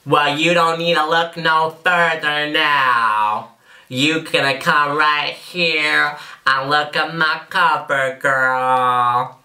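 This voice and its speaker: A man's voice: medium pitch, a little slow, pushed and bright. A man playing a swaggering tough guy with a put-on Southern drawl in a comedy sketch. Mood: boastful. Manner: swaggering, repetitive threats, drawling. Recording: roomy echo.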